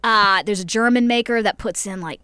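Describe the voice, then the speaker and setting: A woman talks with bright enthusiasm, explaining in a lively, detailed way. Her voice is mid-pitched. The studio sound is dry and close. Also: brisk, clean tone, no room sound. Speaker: chocolate podcast host. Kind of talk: casual radio conversation.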